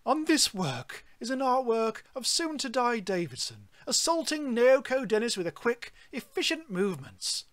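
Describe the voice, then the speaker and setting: A man voicing a snooty, pompous male art critic, reading in a drawn-out, lofty way. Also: very high voice, very animated, fairly bright tone, pitched above the performer's own voice, full character voice.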